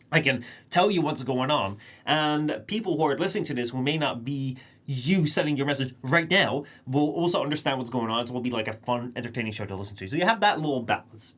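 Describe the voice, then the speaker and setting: A young man talks straight to his live chat and thinks aloud as he goes, looping back to rephrase his points. He speaks quickly in an ordinary mid-range voice, in a loose, unscripted monologue. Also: medium pitch, a bit bright. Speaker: streamer.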